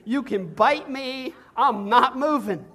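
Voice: sits high, slow pace, pushed and bright, slightly rough, voice pushed up, full character voice. A preacher voicing a stubborn, unimpressed talking donkey in a laid-back slangy drawl, within a sermon.

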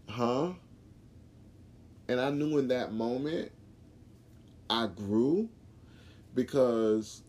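Male host, low warm voice, casual storytelling monologue. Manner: animated retelling with acted quotes and filler words. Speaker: podcast host.

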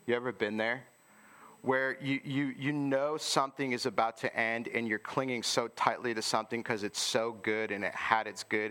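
A man's voice: fairly low pitch, a bit bright. A man preaching a sermon in an informal, conversational way, often asking listeners rhetorical questions.

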